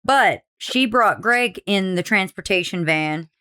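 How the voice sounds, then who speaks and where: A woman's voice: mid-range voice, expressive, measured pace, pushed and bright, clear, resonant tone. A woman hosting a casual true crime podcast, swearing freely and acting out quotes from the people she talks about. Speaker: podcast host.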